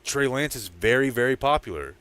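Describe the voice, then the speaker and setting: A man chatting casually on a sports podcast. He tells a story with easy energy and breaks into loud shouts when he quotes fans in the stands. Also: mid-range voice, expressive, brisk. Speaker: podcast co-host. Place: training camp site.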